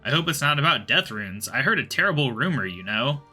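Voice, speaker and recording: A man's voice: medium pitch, very animated, brisk, pushed and bright, husky, soft background music, pitched above the performer's own voice, exaggerated voice. A man reading aloud as a chatty, fussy older woman who looks after stray cats. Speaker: game character voiced while reading.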